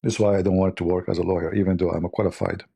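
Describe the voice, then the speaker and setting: Gravelly, mocking livestream host man. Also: deep voice, little pitch movement, very fast, warm tone. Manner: mocking, sarcastic, rambling. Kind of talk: casual livestream commentary.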